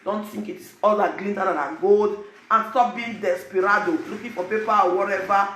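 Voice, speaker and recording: A man speaking Nigerian Pidgin English, giving animated, preachy advice to his viewers in a casual vlog. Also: high-pitched, a little fast, roomy sound, a little hiss or hum. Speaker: vlogger.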